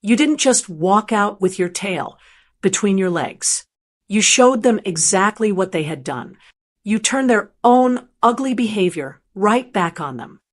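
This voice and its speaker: A woman's voice: medium pitch, expressive, unhurried. A woman narrator voicing an adult daughter on the phone, urgent and emphatic. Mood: fierce.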